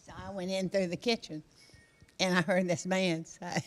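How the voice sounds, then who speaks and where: A woman's voice: fairly low pitch, level tone, moderate pace, soft background music. An older woman telling a funny story from her past, chuckling as she goes. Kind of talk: casual anecdote.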